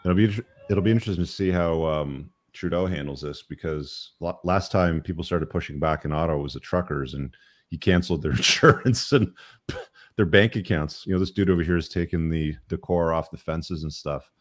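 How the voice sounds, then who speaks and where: A man hosting a casual panel show, talking in a relaxed, rambling way with many fillers. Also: sits low, a little fast, dry recording, clean studio sound. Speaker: show host.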